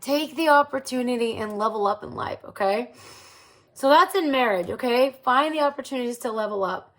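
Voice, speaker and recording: A woman's voice: a little high, animated, brisk, fairly bright tone. A woman in her forties talking frankly in a casual monologue to her listeners. She laughs easily and keeps checking in with them by asking "okay?". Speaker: host.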